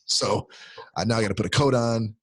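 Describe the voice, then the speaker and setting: A man's voice: lowish voice, a little fast, no echo. A middle-aged man from Michigan, a podcast guest chatting casually and wryly about his household. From Michigan, USA. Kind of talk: casual chat.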